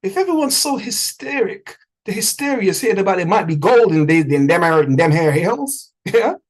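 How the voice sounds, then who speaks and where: A crafty, upbeat gold-rush trader selling shovels and buckets, put on by a man telling a story. The voice sits high and husky over his own speech. It comes through a video call. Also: very animated, moderate pace. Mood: scheming. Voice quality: husky, hammy put-on accent.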